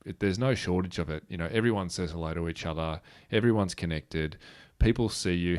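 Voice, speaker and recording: A man's voice: sits low, fast, hardly any pauses, darkish tone, clean tone. An Australian man in his thirties, telling a story in a rambling way with restarts and fillers. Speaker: guest speaker. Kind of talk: conversational storytelling.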